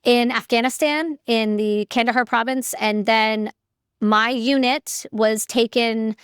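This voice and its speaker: A woman's voice: a little high, fairly even intonation, unhurried, smooth, no room sound, clean studio sound. Candid woman telling her story. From Canada. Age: 30s. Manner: candid, chatty, fillers like "like" and "you know". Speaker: guest, military veteran. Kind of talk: casual interview storytelling.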